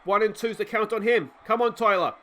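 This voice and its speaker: Australian let's-player, high bright voice, fiery play-by-play caller. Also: male voice, steady tone, brisk. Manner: emotional play-by-play, shouting at players. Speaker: let's play gamer and commentator. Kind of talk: excitable baseball game commentary.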